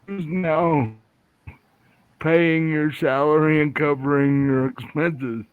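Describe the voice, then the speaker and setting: A man running a tabletop game who narrates slowly, pausing and correcting himself as he sets each scene. His voice sits a little high. It comes through dry and tinny, like a phone call. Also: steady tone, smooth, no echo. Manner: halting, restarts and trails off while describing scenes. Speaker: game master.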